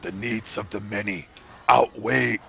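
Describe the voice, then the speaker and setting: Man impersonating a grave, low-voiced alien officer, slow and deliberate, game stream. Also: gravelly, bright, forceful tone, a little hiss or hum, heavily acted. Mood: solemn. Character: solemn deep-voiced alien officer quoting lines.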